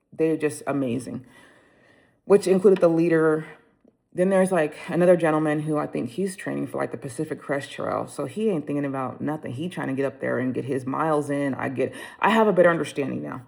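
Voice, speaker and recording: A woman vlogging, candidly telling a story about her backpacking trip in a casual, animated way. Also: sits low, vocal fry.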